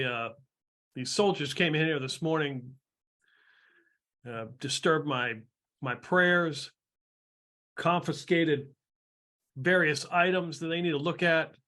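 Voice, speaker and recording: An irritated female cleric bristles with indignance, as a man puts her on in a tabletop role-play. She sputters her complaints in a voice pitched a little above his usual one. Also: takes it slowly, pauses often, bright, forceful tone. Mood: indignant.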